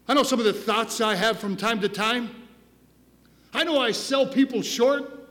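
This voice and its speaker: A man with a high voice preaches with passion, repeating himself and restarting phrases as he builds. His sermon rings out through a church sanctuary with a long, echoing tail. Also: normal speed, a bit bright. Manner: impassioned preaching with repetitions and restarts. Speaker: pastor.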